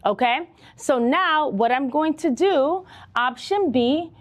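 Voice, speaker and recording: A woman's voice: high-pitched, slow. A woman nursing instructor teaching a live online exam-prep lesson, talking straight to her students and often checking in with "okay?". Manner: animated, talks to students directly, frequent "okay?" checks.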